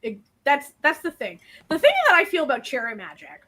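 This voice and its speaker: A woman co-hosting a casual stream from home, telling stories animatedly with quick asides and frequent laughter. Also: high-pitched, very animated, pushed and bright. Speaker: co-host of a colouring stream. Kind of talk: casual chat. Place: at home, dryer running nearby.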